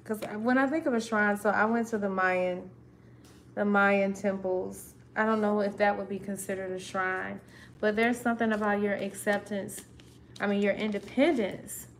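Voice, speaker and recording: A woman's voice: mid-range voice, steady tone, moderate pace, a little hiss or hum. A woman giving a casual live tarot reading, chatty and rambling, often cutting herself off. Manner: chatty, self-interrupting, laughing at herself. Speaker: tarot reader.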